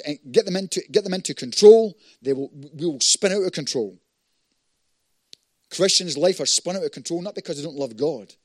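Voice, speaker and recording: A man preaching a fervent sermon, swinging between loud declarations and hushed prayer. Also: a little high, no echo, studio quality.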